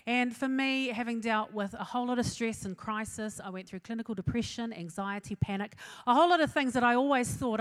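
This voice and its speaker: A woman's voice: on the high side, fairly quick, few pauses. Chatty self-mocking New Zealand woman. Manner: chatty, self-mocking, laughing at her own jokes. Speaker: speaker. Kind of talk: humorous talk to an audience.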